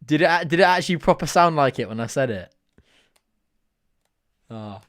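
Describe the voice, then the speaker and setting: A man hosts a live football watch-along, describing the match in a casual, chatty way. He gets excitable and laughs often as he breaks off to talk to viewers. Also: on the high side, normal speed.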